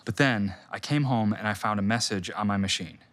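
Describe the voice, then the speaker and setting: An actor playing an earnest, eager company archivist. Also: male voice, lowish voice, a little fast, fairly bright tone, lightly acted. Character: earnest, eager corporate archivist, adult man. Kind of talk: comedic ad acting.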